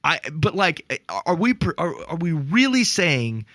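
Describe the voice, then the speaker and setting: A man co-hosting a casual faith podcast, telling stories in an animated, exasperated way with lots of restarts. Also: on the high side, unhurried, no room sound. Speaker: podcast co-host.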